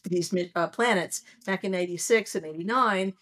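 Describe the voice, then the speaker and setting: A woman in her sixties, a planetary astronomer telling stories in a conversational interview, animated and acting out her excited reactions. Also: lowish voice, moderate pace. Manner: animated storyteller who acts out her own excited reactions.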